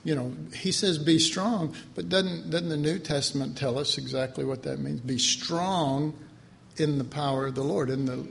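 A man's voice: medium pitch, fairly even intonation, fairly quick, vocal fry, hardly any pauses, slight background noise. A man preaching a conversational sermon in a folksy way, laughing often and acting out the voices he quotes.

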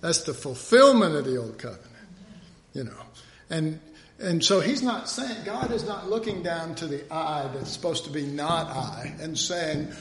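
A man's voice: on the high side, animated, moderate pace. A man preaching a humorous sermon, acting out dialogue and drawing a diagram as he speaks. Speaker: pastor. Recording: roomy echo.

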